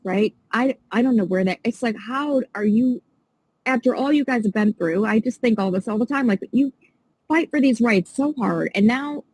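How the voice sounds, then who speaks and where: Passionate indignant woman with a husky voice. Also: on the high side, moderate pace, a little mellow, no room sound, rough recording. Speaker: podcast guest. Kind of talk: casual interview chat.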